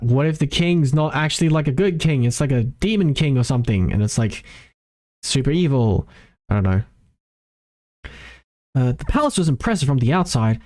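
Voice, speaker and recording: A woman's voice: a bass voice, lively intonation, normal speed, long pauses, a little mellow. A woman streamer playing through and reading a visual novel, rambling and correcting her own slips. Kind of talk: game playthrough commentary.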